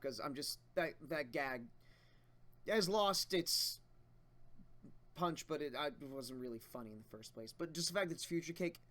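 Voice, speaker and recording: A man hosting a casual reaction show from home, thinking aloud in long excited asides about a manga chapter. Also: a little high. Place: a house with others at home.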